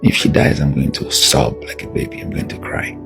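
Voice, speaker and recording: A man's voice: a little fast, music in the background. A man talking bluntly and emphatically in a candid personal monologue, pressing his points harder as he goes. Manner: blunt and emphatic, rising to raised insistence. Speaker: video monologue host.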